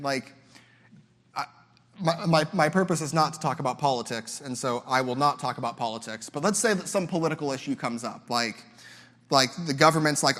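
A man's voice: a little high, a bit bright, long reverb tail. A young man preaching a sermon as a guest speaker, talking in a loose, conversational way, often mimicking other people's voices and repeating words as he goes.

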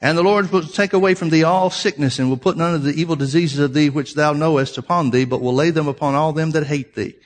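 A man's voice: fairly high pitch, steady tone, fast talker, hardly any pauses. A man preaching a sermon, reading scripture aloud and explaining it, emphatic and repeating key phrases for his listeners.

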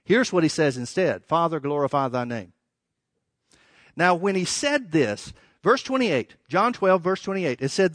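Man, preacher, sermon, emphatic, dramatic pauses, slightly high voice, dry sound. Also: animated, fairly bright tone, no echo.

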